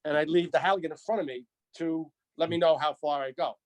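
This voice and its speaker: A man in his sixties, a retired firefighter, telling a story in an animated, repetitive way. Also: fairly high pitch, fast talker. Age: 60s. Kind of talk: storytelling interview.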